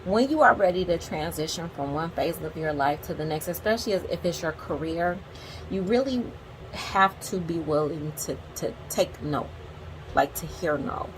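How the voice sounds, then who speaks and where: A woman's voice: fairly low pitch, lively intonation, moderate pace, background noise. A woman in her forties, a teacher, casually reading quotes from a book aloud and breaking off into candid, chatty commentary to her viewers. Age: 40s.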